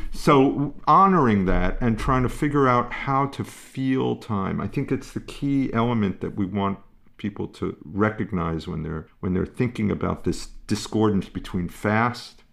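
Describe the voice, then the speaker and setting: Calm man with a gravelly low voice. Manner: calm, musing, halting with restarts. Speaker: parenting expert guest. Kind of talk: conversational explanation.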